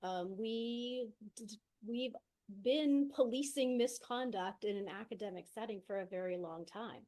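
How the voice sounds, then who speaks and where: A woman giving an online conference talk as an educator, explaining steadily and often adding a quick "right?", heard through a video call mic set far from her. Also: mid-range voice, a little mellow.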